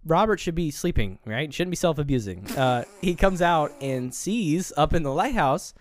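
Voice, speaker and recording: A man's voice: a little high, expressive, moderate pace, slight background noise. Laid-back man recapping movie scenes. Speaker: podcast co-host. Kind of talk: casual film review chat.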